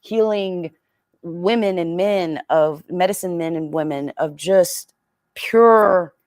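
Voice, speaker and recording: Animated woman running a group talk, acts out her folks, pretty dry sound. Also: on the low side, takes it slowly, no room sound. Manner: animated, acts out quoted parents. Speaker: community session leader. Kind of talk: live community discussion.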